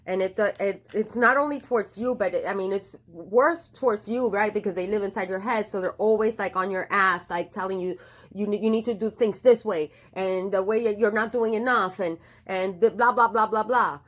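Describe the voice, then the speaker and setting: An adult woman with a daughter gives a casual tarot reading, chatty and affectionate, with many fillers and restarts. Her voice is mid-range and a bit bright, moving at a moderate pace.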